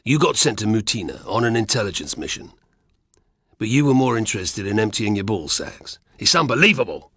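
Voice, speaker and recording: A man's voice: low voice, normal speed, pauses often, pushed and bright, slightly rough, no room sound, clean studio sound, exaggerated voice. A man reading an audiobook, voicing a scornful male Gaul warrior who jeers and grumbles. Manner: scornful, jeering.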